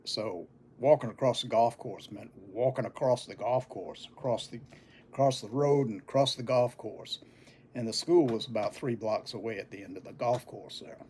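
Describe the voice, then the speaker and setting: An older man telling a childhood story in a folksy, unhurried way. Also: medium pitch, a little mellow, slight background noise. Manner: folksy, unhurried, chuckling between lines. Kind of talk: casual oral storytelling.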